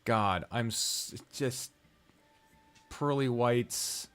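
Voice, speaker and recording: A man's voice: medium pitch, very slow, a bit bright, soft background music. A man streaming a strategy game, rambling casually, talking to himself and swearing often. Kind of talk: casual live-stream chat while gaming.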